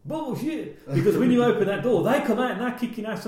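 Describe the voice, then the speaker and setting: A man's voice: very high-pitched, animated, fast, a little mellow. A man hosting a casual film chat, chatty and laughing at his own jokes. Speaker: podcast host. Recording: roomy echo.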